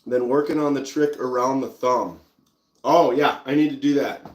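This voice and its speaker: A man's voice: medium pitch, moderate pace, echoey room. A man with a Minnesotan accent, hosting a casual live stream and chatting easily while showing pocket knives. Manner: relaxed, chatty, reads out viewer comments.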